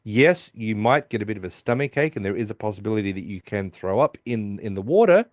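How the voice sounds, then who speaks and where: A man's voice: lively intonation, quick pace, no room sound, studio quality. A man co-hosting a podcast, casually recapping an episode and acting out the characters' lines in raised voices. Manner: acts out quoted lines in higher voices. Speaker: podcast co-host.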